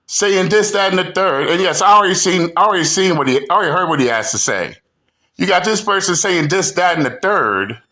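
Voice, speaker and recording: A man with a high, sharp-toned voice hosts a commentary channel. In this reaction rant he's combative and insulting, frequently restarting his sentences.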